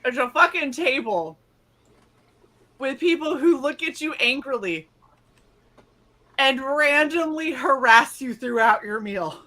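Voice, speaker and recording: A woman's voice: high-pitched, slow, pauses often. A woman co-hosting a casual stream, swapping profane basic training stories and acting out the drill instructors. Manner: profane, animated, acts out drill instructors in a loud mock voice. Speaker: stream co-host.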